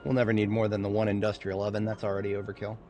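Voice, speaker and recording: A man's voice: on the low side, monotone, rapid-fire, a little hiss or hum. A man casually commenting on his own gameplay, muttering to himself and often swearing. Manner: swears a lot, flips from mumbling to angry yelling. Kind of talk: casual let's-play commentary. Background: game music and sounds.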